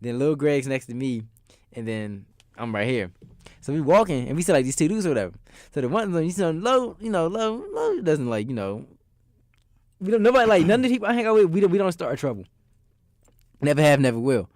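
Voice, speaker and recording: A man's voice: fairly high pitch, very animated, brisk, a little mellow, no room sound, clean studio sound. A young man from DC, co-hosting a podcast and rambling through stories in casual, slangy chat. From Washington DC. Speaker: podcast co-host.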